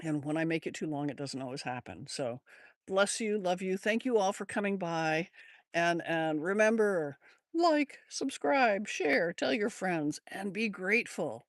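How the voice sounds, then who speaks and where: A woman's voice: on the low side, moderate pace, dry recording, studio quality. An older woman with an American accent hosting a casual livestream from her yard, rambling and chatting as she answers viewer comments on a phone. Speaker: livestream host.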